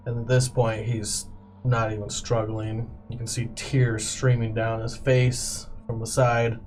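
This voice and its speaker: A male game master narrates a tabletop game slowly, dwelling on every graphic detail. His voice sits at an average pitch and moves at an unhurried pace. Soft background music runs quietly underneath. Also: level tone. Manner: slow, graphic descriptive narration.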